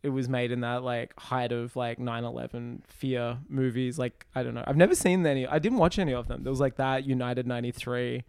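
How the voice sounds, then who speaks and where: A man's voice: medium pitch, steady tone, fairly quick, gravelly, hardly any pauses, darkish tone, clean tone, no echo, clean studio sound. A man co-hosting a podcast, chatting casually and rambling with lots of fillers and laughs. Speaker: podcast co-host. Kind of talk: casual comedic chat.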